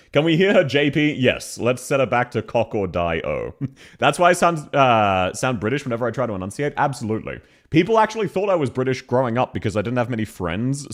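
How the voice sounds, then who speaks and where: A man from Australia with an Australian accent doing blunt, laugh-filled reaction commentary on his stream. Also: mid-range voice. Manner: blunt, laughing, quick asides.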